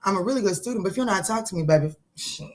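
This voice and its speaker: On a livestream, a middle-aged woman who reads tarot chats in a casual, playful way, laughing a lot and replying to viewer comments. Her mid-range voice is animated and races along, and the audio is very noisy.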